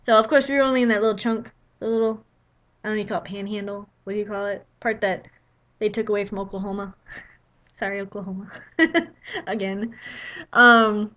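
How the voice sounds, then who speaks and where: A woman's voice: mid-range voice, steady tone, fairly quick, long pauses, fairly bright tone, highs cut off. A young woman telling a travel story in a casual vlog, chatty and full of "you know" fillers. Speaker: vlogger.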